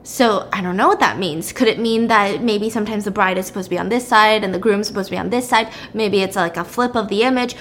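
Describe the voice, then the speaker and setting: A woman's voice: mid-range voice, fast talker, few pauses, a bit bright, a little hiss or hum. Chatty woman recapping a story. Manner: chatty, blunt, frequent "like".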